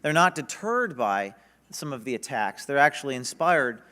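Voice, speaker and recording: A man giving an energetic, emphatic speech at a conference. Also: mid-range voice, normal speed. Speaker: conference speaker. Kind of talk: public speech. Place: conference stage.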